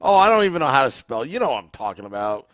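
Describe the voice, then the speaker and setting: A man's voice: medium pitch, very animated, fast, fairly bright tone, no room sound, studio quality. A man hosting a sports podcast, talking easily and hesitantly with many restarts. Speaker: podcast host. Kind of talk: casual podcast chat.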